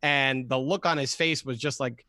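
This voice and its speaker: A man co-hosting a sports podcast, telling animated stories and stumbling over repeated words. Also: medium pitch, normal speed, no echo. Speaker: podcast co-host. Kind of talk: casual sports podcast chat.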